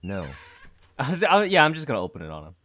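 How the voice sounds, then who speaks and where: A man's voice: medium pitch, wildly swooping pitch, fast, fairly bright tone. A young man commentating a horror game, reading dialogue aloud with nervous jokes and laughter. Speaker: gaming YouTuber.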